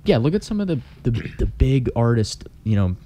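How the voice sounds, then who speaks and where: A man talking casually on a podcast, halting often and filling gaps with "you know". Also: mid-range voice, sing-song, mellow. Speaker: podcast co-host. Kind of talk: casual chat.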